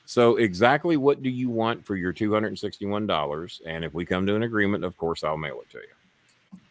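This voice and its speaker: A show host with a lowish voice runs a casual live stream at a moderate pace, rambling along, swearing freely, and haggling with his viewers.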